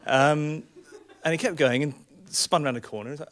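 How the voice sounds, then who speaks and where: A man's voice: on the high side, normal speed, fairly bright tone. A man telling a true story on a small theatre stage, wry, rambling and self-mocking. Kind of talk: live storytelling.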